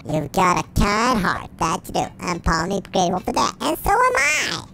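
A performer voicing a cheeky, excitable cartoon chipmunk who gives Roblox let's play commentary through a sped-up, high-pitched chipmunk effect. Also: moderate pace, creaky, a little hiss or hum, full character voice, poor audio. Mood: giddy. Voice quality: squeaky, giggly, exclamatory. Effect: sped-up high chipmunk pitch shift.

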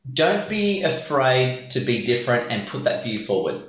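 A man's voice: medium pitch, sing-song, moderate pace, fairly bright tone. A man hosting an interview, jokey and rambling as he asks questions. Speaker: interviewer, host. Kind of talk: casual interview chat. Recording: echoey room.

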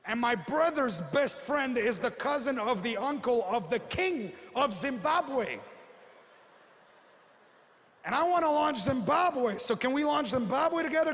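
A man playing an eager, boastful prospect who talks slowly and emphatically, in a reverberant hall. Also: very high-pitched, a bit bright, full character voice.

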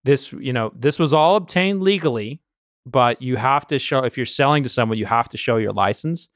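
A man's voice: mid-range voice, moderate pace, no echo. Guy on a podcast rambling through a story, lots of restarts, dry close mic. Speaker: podcast co-host, bourbon collector. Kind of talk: casual chat.

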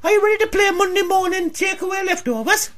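A man's voice: very high voice, fairly even intonation, fast talker, fairly bright tone, soft background music. A man putting on a cheeky, upbeat male TV presenter hosting a radio quiz comedy sketch. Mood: chirpy teasing. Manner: chirpy, teasing. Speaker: quiz show host.

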